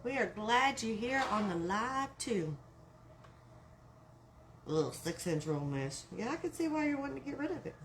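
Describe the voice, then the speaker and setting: A woman's voice: on the high side, very animated, normal speed, pauses often, a little hiss or hum. A woman with a Texan accent hosting a live craft tutorial, chatting and greeting viewers by name as she works. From Texas. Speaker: craft live-stream host.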